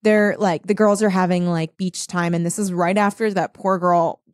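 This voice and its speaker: A woman's voice: on the low side, steady tone, normal speed, a little mellow, no echo, clean studio sound. A young woman co-hosting a podcast, chatting casually about a book, saying "like" often and swearing freely. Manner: chatty, frequent "like", profane, mimics characters. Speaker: podcast co-host. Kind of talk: casual book discussion chat.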